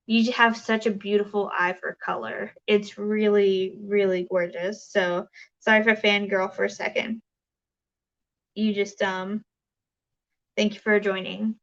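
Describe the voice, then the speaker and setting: A woman's voice: medium pitch, flat delivery, a little slow, muffled recording. A woman hosting a casual crafting livestream, chatting and reading viewer comments, rambling with many fillers and restarts.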